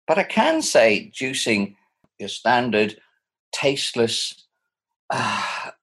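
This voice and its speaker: A man in his sixties with a husky voice, speaking thoughtfully and animatedly from home over a video call. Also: mid-range voice, slow. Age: 60s. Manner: thoughtful, animated, chuckling often. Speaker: interviewee. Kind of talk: reflective personal conversation.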